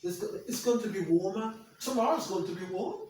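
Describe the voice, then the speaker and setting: A woman's voice: medium pitch, big pitch swings, fairly quick, darkish tone, faint music behind. A woman chatting casually in short, terse remarks. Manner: brief, terse interjections. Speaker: chat partner. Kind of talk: casual chat. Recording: echoey room, distant mic, faint noise.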